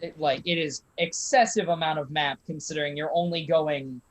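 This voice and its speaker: A man narrates a tabletop game as its game master. He talks casually and halting, stopping often to find his words. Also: fairly high pitch, fairly even intonation, poor audio.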